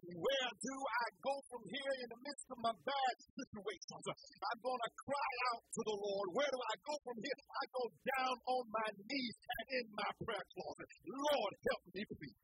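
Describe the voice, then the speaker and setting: A preacher delivering a sermon slowly and emphatically, returning again and again to the same rhetorical questions. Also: medium pitch, fairly bright tone, a little hiss or hum, low-quality recording.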